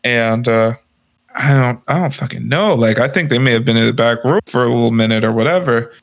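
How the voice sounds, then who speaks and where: A man's voice: mid-range voice, a little fast. A young man telling a crude, rambling story in casual chat and laughing at it as he goes.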